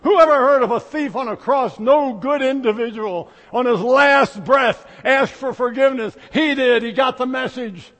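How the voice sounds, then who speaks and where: A male pastor preaching a sermon and telling a story, dropping to hushed asides and rising to loud emphasis. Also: very high-pitched, moderate pace, few pauses, long reverb tail.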